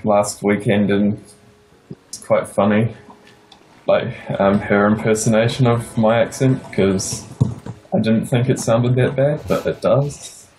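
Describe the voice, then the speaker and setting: A young man with a New Zealand accent giving a casual tour of his game build, pausing often with fillers. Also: on the low side, fairly even intonation, darkish tone, low-quality recording. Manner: hesitant, many pauses and fillers.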